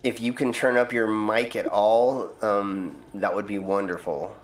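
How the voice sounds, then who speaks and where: A man's voice: fairly low pitch, level tone, unhurried. A man hosting a game stream in casual chat, rambling with plenty of ums and uhs. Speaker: stream host. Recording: roomy echo, faint music.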